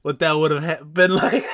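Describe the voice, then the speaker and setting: A man hosting a podcast in casual chat, expressive, swearing freely and exclaiming often. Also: a little high, no echo, clean studio sound. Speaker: podcast host.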